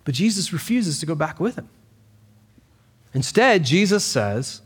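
A man pastor giving a sermon, telling a story with lively emphasis and frequent "um" and "uh" fillers. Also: on the high side, measured pace, pauses often, husky. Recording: reverberant hall.

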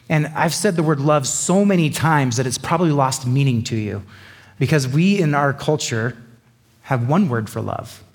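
A man's voice: medium pitch, husky, big-room sound. A man preaching a sermon as pastor, conversational with joking asides. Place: church sanctuary.

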